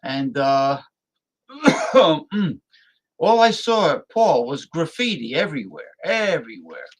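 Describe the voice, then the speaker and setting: A man's voice: fairly high pitch, very animated, takes it slowly, poor audio. A man in casual talk show conversation, speaking emphatically and often stopping to restart his sentences. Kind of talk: casual chat.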